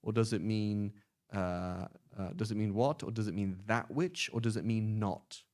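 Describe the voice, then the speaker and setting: English guy teaching arabic grammar, low voice, kinda pedantic, lots of quick examples. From England. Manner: pedantic, explains with lively examples. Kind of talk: online class teaching.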